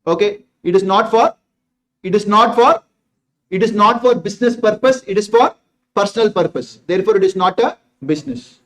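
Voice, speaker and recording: A man's voice: high-pitched, moderate pace, fairly bright tone. A man with a Tamil Indian English accent teaching an exam revision class, emphatic and repetitive, firing rhetorical questions at the class.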